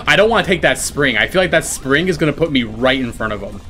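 Excitable gamer man, pitch leaps wildly. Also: fast, hardly any pauses, soft background music. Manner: swings from calm explaining to shrieking panic and laughter; swears a lot, boasts jokingly. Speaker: gaming YouTuber. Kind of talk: excited gameplay commentary.

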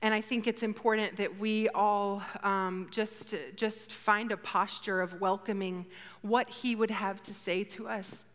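A young woman giving a faith talk to students, chatty and lively, who turns soft and slow when she prays. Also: medium pitch. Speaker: speaker. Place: auditorium with an audience. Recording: reverberant hall sound.

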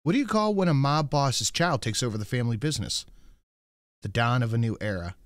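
A man's voice: mid-range voice, expressive, a little fast, dry recording. Playful male host, dry close sound. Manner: playful, coos at cute pictures. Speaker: show host reading donations. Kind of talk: casual chat.

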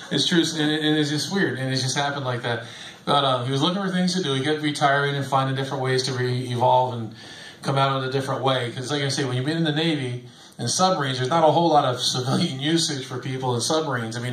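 Middle-aged guy rambling through funny stories, talks quick, chuckles a lot, echoey room. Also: mid-range voice, fairly bright tone. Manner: rambling, chuckling, self-deprecating. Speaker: bus driver telling stories. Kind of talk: casual storytelling to a group. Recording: echoey room, faint background ambience.

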